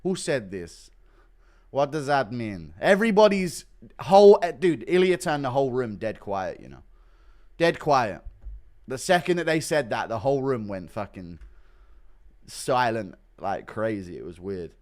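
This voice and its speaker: A man's voice: medium pitch, very animated, a little slow, darkish tone. A man streaming casual commentary, reading out donations and reacting bluntly, swearing often and rambling with lots of fillers. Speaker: streamer reacting to MMA news.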